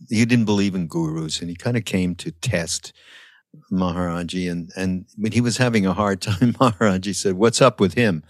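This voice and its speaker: Older male guest, very deep voice, dry close sound, reflective storyteller. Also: no echo. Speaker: podcast guest. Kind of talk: casual conversation.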